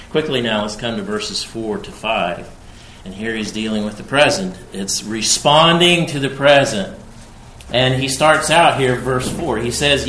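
A man delivers an expository sermon at a slow, deliberate pace, and his voice rises with emphasis on quoted verses. His tone is bright and forceful. The sound is roomy and echoing, with a faint ambient hum behind it. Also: medium pitch. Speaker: preacher. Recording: echoey room.

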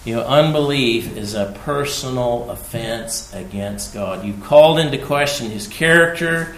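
Slow, emphatic preacher in a roomy space. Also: male voice, mid-range voice. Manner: emphatic, repeats key phrases, swings from hushed to loud. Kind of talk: sermon.

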